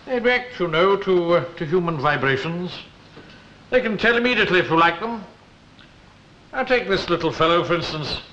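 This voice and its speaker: An actor playing a pompous, fussy, self-important office clerk in a 1960s British sitcom. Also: male voice, sits high, bright, forceful tone, echoey room, muffled recording, exaggerated voice. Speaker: Mister Swindley, office underling.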